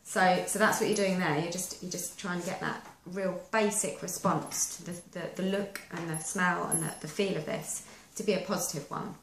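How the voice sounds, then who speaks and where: A woman with a lowish voice walks through dog training in a chatty, practical way. She is recorded in an echoey room with faint background noise. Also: steady tone, moderate pace, gravelly, few pauses. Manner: chatty, practical step-by-step explaining. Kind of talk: instructional how-to video.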